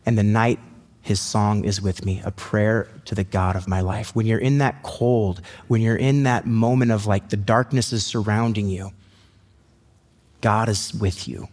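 Guy preaching a sermon, chatty and easygoing, slows for scripture, long echo in a church hall. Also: on the low side, a little mellow. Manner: conversational, storytelling, slows down for scripture. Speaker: pastor.

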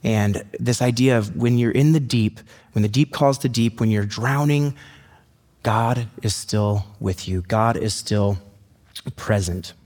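Guy preaching a sermon, chatty and easygoing, slows for scripture, long echo in a church hall. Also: on the low side, a little mellow. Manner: conversational, storytelling, slows down for scripture. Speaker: pastor.

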